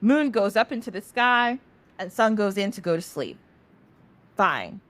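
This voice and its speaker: Animated woman telling a story. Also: mid-range voice, unhurried. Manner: animated, chatty, laughs easily. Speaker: podcast host. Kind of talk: casual storytelling.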